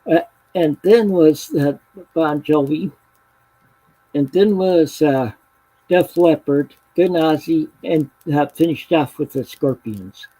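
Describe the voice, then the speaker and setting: A man's voice: fairly high pitch, takes it slowly, mellow, breathy edge, no echo, poor audio. A man chatting casually on a video call, hesitant, with many fillers and self-corrections.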